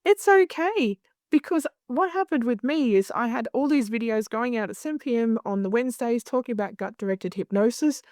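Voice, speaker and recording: A woman guest talking candidly in an interview, blunt and animated, swearing freely as she tells stories. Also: on the high side, brisk, few pauses, no echo, studio quality. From Australia. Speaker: guest, clinical hypnosis director.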